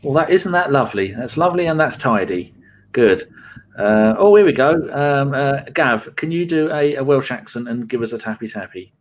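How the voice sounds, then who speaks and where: A man hosting a casual football podcast at a middling pitch. He talks briskly and wryly and swears freely as he moves the show along. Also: expressive. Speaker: stand-in podcast host.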